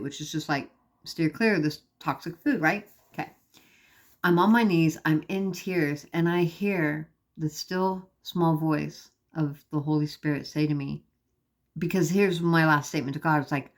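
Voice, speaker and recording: A woman's voice: lowish voice, normal speed. A woman, talking straight to her viewers in an earnest, emphatic personal video diary. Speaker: vlogger.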